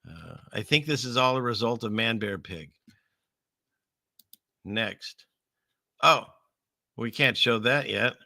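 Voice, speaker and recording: A man hosting a show, riffing on the news in a rambling, joking way with sarcastic asides. His voice is very bright and cutting, recorded dry and close with no room sound. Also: medium pitch, animated, slow, gravelly, long pauses, no echo. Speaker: show host. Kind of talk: casual news commentary.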